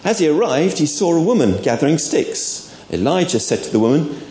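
A man's voice: on the high side, sing-song, brisk, hardly any pauses, warm tone. Chatty man preaching in an echoey church. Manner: chatty and informal, with asides to the congregation. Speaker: preacher at an all-age church service. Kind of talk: sermon. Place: church hall. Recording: echoey church room, faint background noise.

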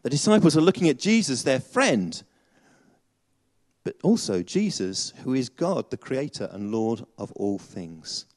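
Lively man giving a sermon. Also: mid-range voice, unhurried. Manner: chatty, animated, many fillers and restarts. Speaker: preacher.

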